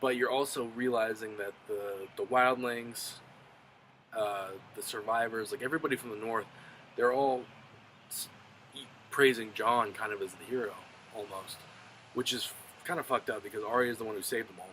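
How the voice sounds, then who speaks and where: A man's voice: fairly low pitch, fairly even intonation, normal speed, sharp tone, a little hiss or hum, low-quality recording. A man recapping a TV episode in a loose, profane, filler-heavy way. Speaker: show reviewer.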